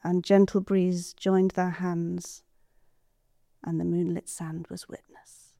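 A woman telling a folk tale aloud, soft and expressive, sometimes dropping to a whisper. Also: lowish voice, takes it slowly, vocal fry, dry recording, clean studio sound. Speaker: storyteller. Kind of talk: oral storytelling.

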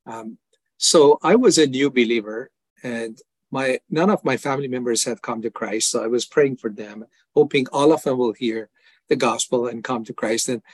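A man's voice: medium pitch, moderate pace, husky, dry recording. An older man from Iran, an evangelist giving an earnest personal testimony in an interview, acting out his prayers as dialogue. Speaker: evangelist guest.

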